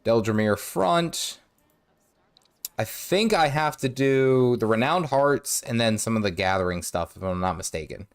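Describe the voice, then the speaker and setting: Animated streamer man with a sore throat. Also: mid-range voice, unhurried. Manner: rambling, self-correcting, hums and sings nonsense to himself. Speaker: gaming streamer. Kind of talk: casual live-stream commentary while playing.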